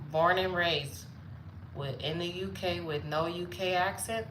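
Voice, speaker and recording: A woman's voice: lowish voice, unhurried, a bit bright, echoey room, slight background noise, poor audio. A woman chatting playfully with viewers during a casual live stream.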